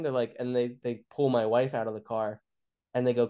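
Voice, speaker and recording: A man's voice: mid-range voice, steady tone, a little fast, warm tone, smooth. A man in his twenties, a comedian, telling a story in casual chat, rambling with lots of fillers and restarts and swearing freely. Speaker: comedian guest.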